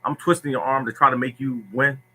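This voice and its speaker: A man's voice: medium pitch, little pitch movement, a little fast, a bit bright, breathy edge, low-quality recording. A man hosting a lottery tips livestream who speaks bluntly and preachily, repeating himself as he answers viewers.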